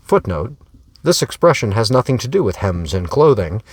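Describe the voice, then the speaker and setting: A man's voice: fairly low pitch, big pitch swings, normal speed, darkish tone, no echo, clean studio sound. A man as an author reading his own serial novel aloud, narrating in a wry storytelling way. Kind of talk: audiobook narration.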